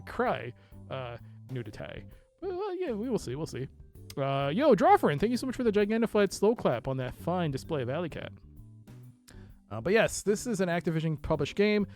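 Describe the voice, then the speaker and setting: An excitable streamer talking through a game in a lively, swooping voice that jumps from mumbled asides to loud yelps and laughter. The talk is chatty and rambling, full of restarts and corrections. Faint music plays underneath. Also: medium pitch. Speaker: live streamer playing games. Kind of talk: let's play game commentary.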